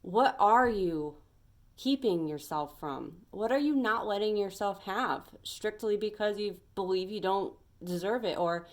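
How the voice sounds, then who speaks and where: A woman's voice: medium pitch, unhurried. A young adult woman giving an earnest, emphatic pep talk as a tarot reader, rambling a little as she goes.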